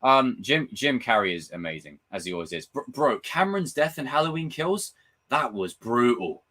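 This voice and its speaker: A young man chatting casually on his live stream, reading viewer comments, swearing freely and acting out film scenes with loud impressions. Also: medium pitch, normal speed. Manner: animated, swearing, reads and answers chat comments. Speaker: livestream host.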